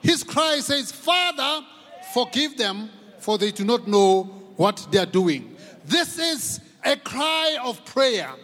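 A South African man preaching a passionate sermon as pastor, repeating key phrases and rising to shouts for emphasis. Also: very high-pitched, big pitch swings, slow. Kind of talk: impassioned sermon. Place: large church hall. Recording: long reverb of a large church hall.

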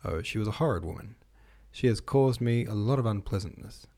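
A man's voice: on the low side, animated, brisk, dark tone. A man reading the lines of a gaunt, ailing man putting on a cheerful front, in a plain storybook voice. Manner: plain reading voice, little change.

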